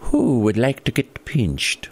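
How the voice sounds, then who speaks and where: A man's voice: medium pitch, huge pitch swings, slow pace, slightly rough, no room sound. A man hosting a comedy radio show, playful and hamming it up. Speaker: podcast host.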